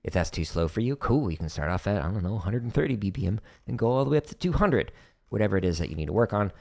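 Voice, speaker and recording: Low-voiced man teaching drums casually. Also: animated, racing, vocal fry, darkish tone. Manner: casual, demonstrating as he talks, many fillers. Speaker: drumming teacher. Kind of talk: livestream Q&A lesson. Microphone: streaming setup at home.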